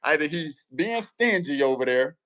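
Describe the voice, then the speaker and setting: A man, an umpire guest in a casual interview, telling lively stories and often checking in with the listener. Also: on the high side, normal speed. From Central Texas.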